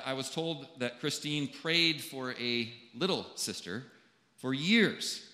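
A male pastor preaching a funeral sermon, unhurried and measured, leaving long pauses between phrases. His voice is bright and forward. It rings out through an echoey church hall with a long reverb tail. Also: mid-range voice. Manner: slow, deliberate delivery with long pauses.

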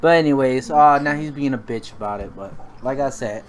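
A man hosting a casual podcast with friends. He laughs loudly and swears often. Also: mid-range voice, brisk. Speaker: podcast host. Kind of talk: casual chat among friends.

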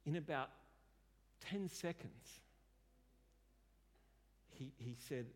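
A man's voice: fairly high pitch, takes it slowly, pauses often. A man preaching a sermon and telling a story conversationally, often repeating words as he starts a sentence. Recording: long hall reverb.

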